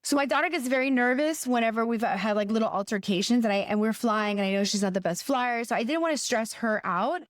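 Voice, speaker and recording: Animated middle-aged woman telling a story. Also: on the high side, fast talker, few pauses, dry recording, clean studio sound. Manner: animated, hesitant retelling with many restarts. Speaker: podcast co-host. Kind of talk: casual anecdotal storytelling.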